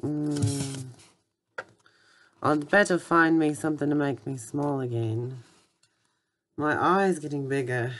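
A woman's voice: low-pitched, fairly even intonation, slow, pauses often. A woman in a homemade comic skit, mumbling to herself as she goes.

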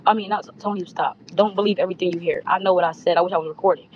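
A woman talking low on a phone call from an airplane, pressing her point and cutting others off. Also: steady tone, racing. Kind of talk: heated phone call argument. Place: airplane cabin. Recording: muffled phone audio with faint hum.

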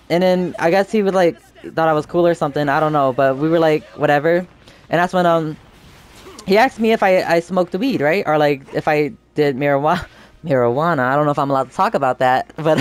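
A young man hosting a gaming channel, telling a meandering story while he plays and breaking into excited yelps at the game. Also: fairly high pitch. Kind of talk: rambling storytelling over gameplay.

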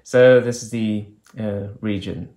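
A man's voice: on the low side, steady tone, slow pace, darkish tone. A man reviewing an old phone, talking casually and thinking aloud with hesitant fillers as he clicks through menus. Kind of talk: casual hands-on product demo.

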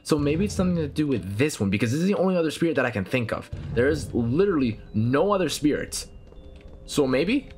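Excitable young man gaming, lively pitch. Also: a little fast, slight background noise. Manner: excitable, swears, jumps to loud startled yelps; laughs often, talks to characters. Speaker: gaming channel host. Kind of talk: let's play commentary.

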